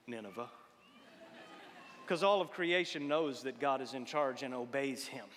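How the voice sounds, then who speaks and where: A man preaching a folksy, humorous sermon, swinging between loud exhortation and hushed tones. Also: medium pitch, a little slow, in a large hall, slight background noise.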